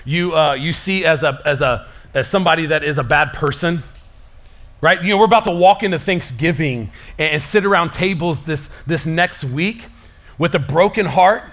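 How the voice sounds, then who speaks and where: A man preaching a sermon as pastor, speaking in an animated, conversational way with casual slang. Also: fairly high pitch, normal speed.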